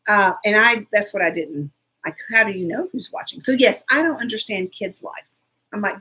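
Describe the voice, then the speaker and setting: A woman hosting a casual live chat, telling a story in a chatty, animated way and answering viewers. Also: mid-range voice, brisk, slightly rough. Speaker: show host.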